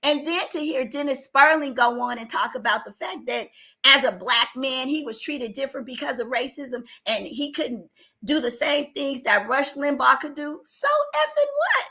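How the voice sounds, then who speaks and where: At a moderate pace, an older woman speaks in a high-pitched, bright, forceful voice, offering opinionated commentary as a vlogger. Exasperation and emphasis run through her strained delivery, which rises to outbursts.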